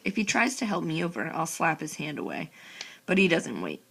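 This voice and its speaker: Female audiobook narrator, low and gravelly, sarcastic first-person read. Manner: sarcastic, expressive.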